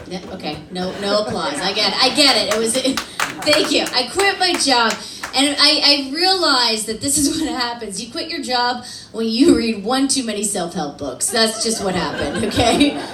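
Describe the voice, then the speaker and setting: A woman's voice: fairly high pitch, lively intonation, normal speed, background noise. A woman from Pennsylvania doing a chatty, self-deprecating stand-up set on a club stage, laughing often. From Altoona, Pennsylvania. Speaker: stand-up comedian. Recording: roomy club sound from a distance.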